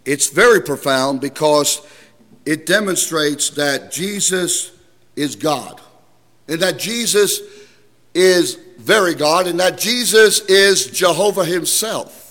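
A man's voice: a little high, slow pace, in a large hall. A man preaching a sermon to a congregation, emphatic and calling out for amens as he explains scripture. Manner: emphatic, calls for amens, rising to shouts.

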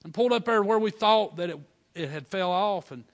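A middle-aged man, preaching a folksy storytelling sermon with fervent bursts of praise. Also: high voice. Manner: fervent, building to loud praise shouts; folksy dialect, drawn-out emphasis.

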